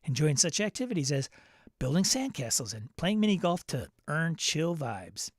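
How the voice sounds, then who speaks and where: A man's voice: on the high side, sing-song, normal speed, dry recording, clean studio sound. A man hosting a casual show, reading out product listings and riffing on them with asides and laughs. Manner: chatty, reads listings then riffs with laughs and asides. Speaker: podcast host. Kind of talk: casual solo news rundown.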